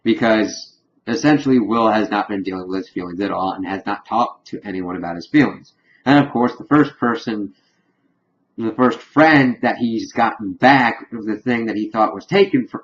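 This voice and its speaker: A man's voice: fairly low pitch, muffled recording. A man giving a casual spoiler recap review of a TV episode, loosely retelling scenes with "he's like" quotes and fillers. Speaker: TV show reviewer.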